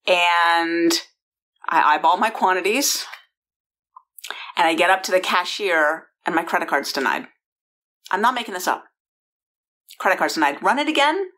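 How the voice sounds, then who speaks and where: A woman's voice: lowish voice, lively intonation, moderate pace, pauses often, bright, forceful tone. A woman from San Francisco telling a personal story in a chatty way, with restarts and asides to the listener, recorded in a bedroom. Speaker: founder and host.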